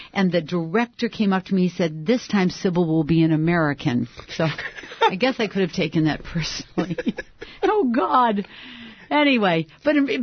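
Lively, laughing woman in her sixties. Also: on the low side, dry recording, dull audio. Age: 60s. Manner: lively, laughing, self-deprecating. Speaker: actress guest. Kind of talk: interview conversation.

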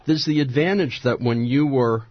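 Male interviewer, husky voice, dry and dull-sounding mic. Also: mid-range voice, moderate pace, no echo. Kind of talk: interview conversation.

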